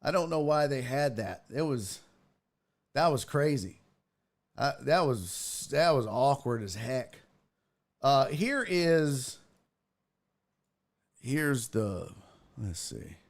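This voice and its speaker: A man with a mid-range voice hosts a sports stream, speaking slowly with frequent pauses yet very animated. He chats casually, rambling, exclaiming, and often cutting himself off mid-sentence.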